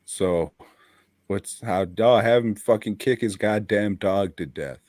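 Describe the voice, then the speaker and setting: A man's voice: lowish voice, slow, darkish tone, no echo, clean studio sound. A man co-hosting a casual podcast chat, blunt and profane, laughing often. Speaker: podcast co-host.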